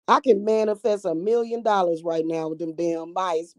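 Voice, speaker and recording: A woman's voice: on the low side, slow pace, long pauses, no room sound. Woman, casual profane rant to camera, dry close recording. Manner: brash, profane, animated. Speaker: spiritual reader and vlogger.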